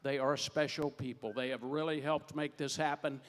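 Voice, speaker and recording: An older man, a producer, warming up a studio audience in a folksy, joking way, building up to loud announcements from a theater stage. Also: medium pitch, fairly even intonation, moderate pace. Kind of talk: crowd warm-up emcee. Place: large hall or theater stage. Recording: long hall reverb on a stage.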